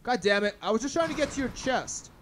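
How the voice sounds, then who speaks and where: Man swearing and shouting through a game. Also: animated, fast, background noise. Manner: swearing, yelling at enemies, sudden pitch jumps. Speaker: gaming channel host. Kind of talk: blind let's play commentary.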